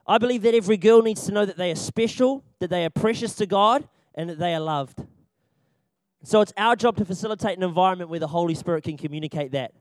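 Man, very high voice, dry close sound, young adult, children's ministry trainer, jokey and animated, repeats points. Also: fast talker, no room sound. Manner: animated and jokey, laughs often; repeats key points for emphasis. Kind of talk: church training talk.

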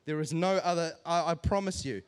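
A man from Sri Lanka performs stand-up on a comedy stage with a fairly high voice. He talks in an animated way and often laughs as he delivers his punchlines to the crowd. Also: a little fast, smooth. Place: comedy stage with live audience.

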